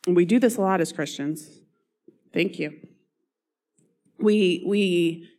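A woman's voice: lowish voice, slow pace, pauses often, darkish tone. A woman preaching a sermon while losing her voice; she talks earnestly, coughing and laughing between phrases.

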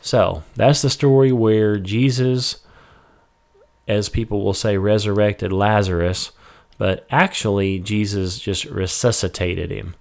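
Slow and gravelly, a lowish male voice reads Bible verses during a casual study, then explains them in plain words. As the teacher, he keeps a relaxed tone with fillers such as "you know" and "um".

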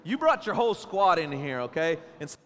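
A man's voice: on the high side, fairly quick. A man in his thirties preaching a sermon in church, joking and telling stories about his family. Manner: playful, joking, animated storytelling. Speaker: pastor. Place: church stage. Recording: church hall reverb.

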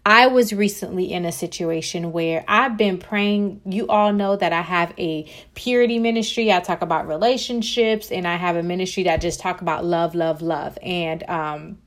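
Chatty animated woman podcast host. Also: fairly low pitch, moderate pace, few pauses. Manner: chatty, animated, addresses listeners as girl. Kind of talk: casual faith podcast chat.

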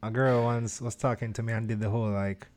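A man's voice: lowish voice, fairly even intonation, quick pace, background noise. A man chatting casually as a podcast co-host, making dry, blunt remarks. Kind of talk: casual chat.

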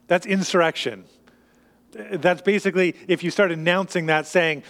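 A man with a notably high voice preaches a sermon, explaining scripture in a relaxed, conversational way and often restarting his sentences. His voice rings out with the long reverb of a large hall. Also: normal speed. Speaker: pastor.

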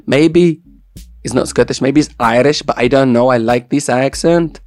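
A man's voice: medium pitch, moderate pace, a little mellow, soft background music. A man hosting a radio show in casual, joking chat, with playful banter and repeated catchphrases.

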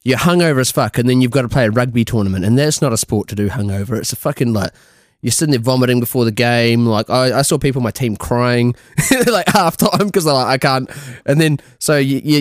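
A man co-hosting a casual podcast chat, telling animated, sweary stories and mimicking people. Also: medium pitch, fast talker, dry recording, studio quality. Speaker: podcast co-host.

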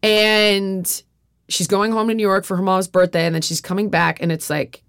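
A woman's voice: medium pitch, flat delivery, moderate pace, fairly bright tone, clean tone, no echo, clean studio sound. A middle-aged woman hosting a podcast, speaking frankly and confessionally, often saying "like" and swearing freely. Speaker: podcast host. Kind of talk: candid personal conversation.

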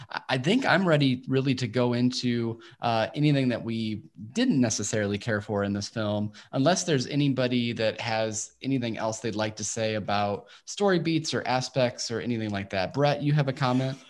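A man hosting a casual podcast discussion over a remote call, chatty with loose joking asides. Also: mid-range voice. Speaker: podcast host. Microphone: remote call microphone.

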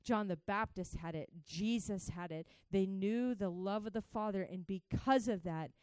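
A woman preaching a sermon, swinging from hushed to joyfully shouting and talking straight to her listeners. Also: medium pitch, normal speed, clean tone, no echo. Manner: laughs between points, speaks to listeners as guys.

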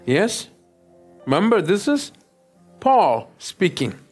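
A pastor preaching a sermon, often stopping to check that the listeners follow him. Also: male voice, sits high, big pitch swings, takes it slowly, faint music behind. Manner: keeps checking in with the listeners, asking "yes?".

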